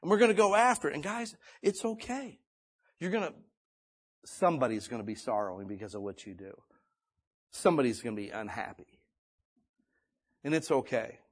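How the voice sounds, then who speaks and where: A male pastor preaching a sermon in a folksy, conversational way, swinging between loud and hushed delivery. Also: medium pitch, lively intonation, moderate pace, pauses often, breathy edge. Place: church or meeting room.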